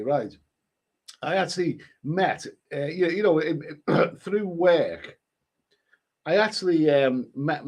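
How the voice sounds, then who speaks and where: Rambling man with a slightly high voice. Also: darkish tone. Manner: rambling, halting, with many restarts and repeated words. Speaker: livestream host reading viewer comments. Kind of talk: casual rambling chat.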